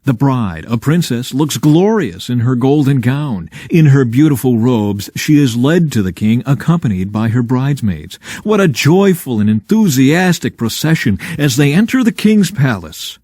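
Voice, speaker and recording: Man reading scripture with lively expression. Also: mid-range voice, no room sound, clean studio sound. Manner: expressive, measured reading with dramatic emphasis. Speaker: Bible reader.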